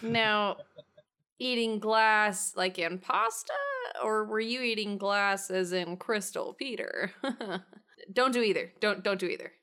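A woman's voice: mid-range voice, slow pace, sharp tone, smooth. A woman voicing an imaginative, upbeat young woman who rambles with playful jokes.

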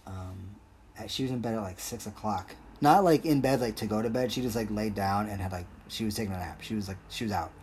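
A man's voice: fairly low pitch, a little fast, a little mellow, slight background noise. A young man hosting a solo podcast, rambling and joking in a crude, casual way. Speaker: podcast host.

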